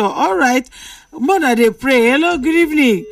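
A woman's voice: high voice, normal speed, creaky, distant mic. A Nigerian woman hosting a late-night radio call-in, playfully reading out listener messages and bantering with callers.

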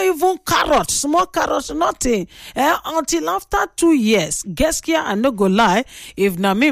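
Gravelly Nigerian woman radio host. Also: high-pitched, no echo, clean studio sound. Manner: chatty, opinionated storytelling. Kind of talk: casual radio talk.

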